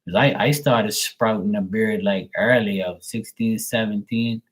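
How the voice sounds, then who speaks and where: A man in his late forties telling blunt, profane stories on a livestream, putting on higher, louder voices for the people he quotes. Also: a little slow, husky, rough recording. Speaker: livestream tarot reader. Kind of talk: casual livestream storytelling.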